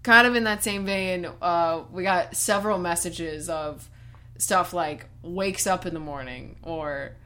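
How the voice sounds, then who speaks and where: A young woman co-hosting a podcast in casual chat, reacting warmly and laughing easily. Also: on the low side, unhurried. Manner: chatty, laughs easily, reacts to her co-host. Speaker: podcast co-host.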